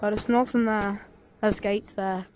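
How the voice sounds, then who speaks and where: A woman's voice: mid-range voice, steady tone, measured pace, darkish tone, big-room sound, slight background noise. A young woman playing a game and narrating it, bossy and teasing, with mock British slang. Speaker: player. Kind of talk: casual gaming chat.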